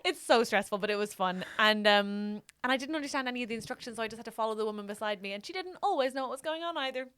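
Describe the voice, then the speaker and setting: A woman co-hosting a casual comedy podcast, telling a story with animated energy, laughing and swearing as she goes. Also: fairly high pitch, racing, hardly any pauses, clear, resonant tone. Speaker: podcast co-host.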